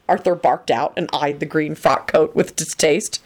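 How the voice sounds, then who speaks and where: A woman reading a story aloud with expressive storytelling. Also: low-pitched, moderate pace. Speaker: reader. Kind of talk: reading fan fiction aloud.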